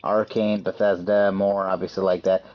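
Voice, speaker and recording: A man hosting a casual podcast chat, relaxed, reading out news in an easy way. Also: low voice, moderate pace. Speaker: podcast host. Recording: dull lo-fi podcast audio.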